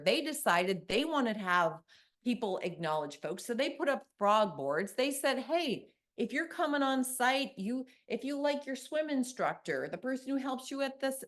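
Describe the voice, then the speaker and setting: A middle-aged woman from Canada giving a conference keynote, telling stories with energy and quizzing her audience. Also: fairly high pitch. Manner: lively storytelling, asks the audience questions. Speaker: keynote speaker. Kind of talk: conference talk.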